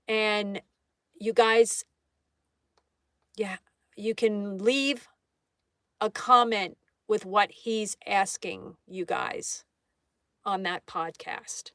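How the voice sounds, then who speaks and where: A woman's voice: medium pitch, takes it slowly, long pauses, a bit bright, smooth, no room sound, studio quality. A woman hosting a live art stream in a casual way, reading viewer comments aloud and greeting each viewer. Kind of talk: casual live-stream chat while drawing.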